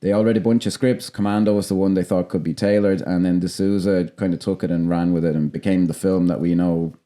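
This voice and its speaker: Dublin podcast guy, lowish mellow voice, rambles through stories, swears a bit. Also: steady tone, fairly quick. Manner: rambling storyteller, swears freely. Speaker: podcast co-host. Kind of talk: casual film chat.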